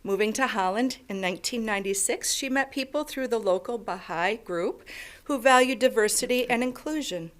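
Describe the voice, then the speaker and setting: A woman's voice: a little high, normal speed. An American woman presenting a lifetime achievement award at a ceremony, friendly and coaxing in her manner. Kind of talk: ceremony speech.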